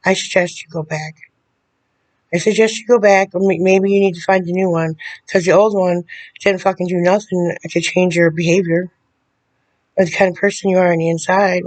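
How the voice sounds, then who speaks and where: Woman, video letter to camera, level unvaried tone, bitter, confrontational, halting. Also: fairly low pitch, flat delivery. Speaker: vlogger addressing a public figure.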